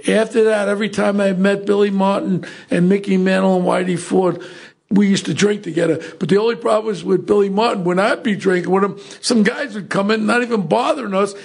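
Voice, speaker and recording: An older man, telling stories in a gruff, colorful way during a casual chat. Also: high-pitched, brisk. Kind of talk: casual storytelling.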